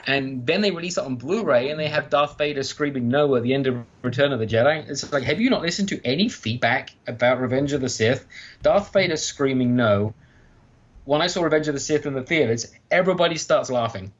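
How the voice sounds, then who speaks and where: A man in his thirties, a guest author chatting casually on a podcast, animated and enthusiastic as he tells stories. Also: mid-range voice, fast, muffled recording. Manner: enthusiastic, animated storytelling with mock exclamations.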